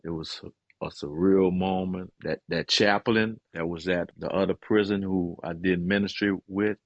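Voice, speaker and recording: A middle-aged man with a low, husky voice tells his story earnestly and with feeling. He speaks through hesitations and the odd "man," which makes it sound heartfelt. The recording is dry and close, with no room sound. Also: fairly even intonation, moderate pace, no room sound, dull audio. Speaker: guest and author. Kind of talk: personal testimony in conversation.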